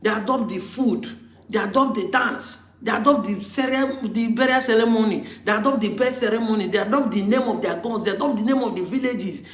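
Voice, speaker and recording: Combative high-voiced Nigerian man. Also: a little fast, a bit bright. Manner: combative, rhetorical questioning. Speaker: online commentator. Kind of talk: argumentative monologue. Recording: roomy, muffled lo-fi sound.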